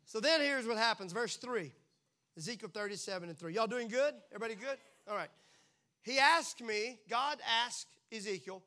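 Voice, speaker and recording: A man preaching in a church with a high, bright, ringing voice. He talks to the congregation in a playful, animated way. He keeps slipping into quick acted-out voices before dropping back to plain talk. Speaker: pastor. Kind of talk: sermon.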